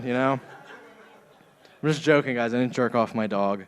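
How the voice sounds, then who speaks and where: A man's voice: mid-range voice, fairly even intonation, brisk. A young man doing a stand-up set in a comedy club, often laughing at his own jokes.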